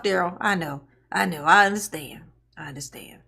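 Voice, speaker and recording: A woman's voice: fairly low pitch, moderate pace, creaky, pushed and bright, breathy edge. A woman giving casual live-stream reaction commentary, sarcastic and mocking, often laughing.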